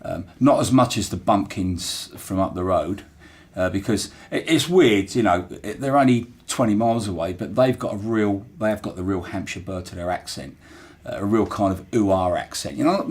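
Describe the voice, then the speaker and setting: A man's voice: low-pitched, darkish tone. A man with a Portsmouth accent, a former dockyard worker, talking in a chatty, thoughtful way with frequent fillers and restarts. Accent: Portsmouth English. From Portsmouth, England. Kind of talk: reflective podcast storytelling.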